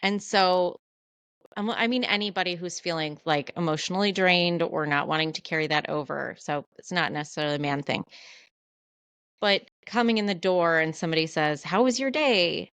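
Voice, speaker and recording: A woman co-hosting a podcast, talking in a candid, animated, self-deprecating way in casual chat. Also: lowish voice, moderate pace, smooth, no echo. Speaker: podcast co-host.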